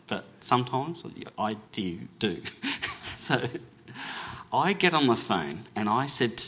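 A man's voice: mid-range voice, fairly bright tone. An Australian chef giving a talk to an audience, telling a story with humor at his own expense and acting out both sides of each conversation. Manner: self-deprecating, laughs at his own jokes.

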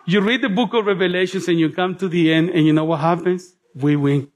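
A man preaching a sermon to a congregation, chatty and animated with humorous asides, easing into soft, slow prayerful passages. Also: high-pitched. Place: church.

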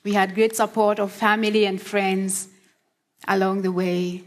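A woman preaching a sermon in a slow, earnest, encouraging way, often asking questions of her listeners. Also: mid-range voice, little pitch movement. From Australia.

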